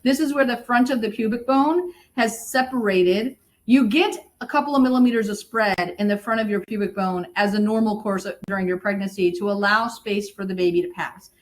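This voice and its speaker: A middle-aged woman, a birth educator, explaining in lively conversation and sometimes acting out what new mothers say. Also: medium pitch, a little fast, hardly any pauses, low-quality recording. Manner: animated, acts out quoted moms.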